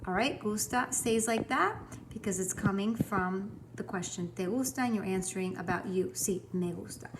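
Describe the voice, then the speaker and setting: A woman teaching a recorded language lesson to students, upbeat and encouraging, speaking clearly and slowing down to model example sentences. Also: medium pitch, noisy background.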